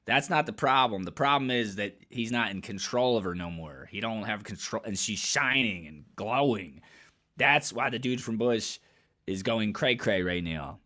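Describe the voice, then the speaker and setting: Guy ranting to camera in a vlog, bright edgy voice, blunt, swears a lot, keeps repeating himself, loud bursts now and then. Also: fairly low pitch, animated, moderate pace. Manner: repeats phrases and restarts while building a point. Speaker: commentary vlogger. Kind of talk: casual reaction commentary.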